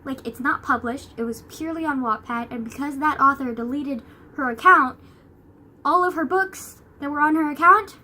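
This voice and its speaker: High bright-voiced young woman vlogger. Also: normal speed. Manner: rambling, filler-heavy, swears a lot. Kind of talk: casual chat.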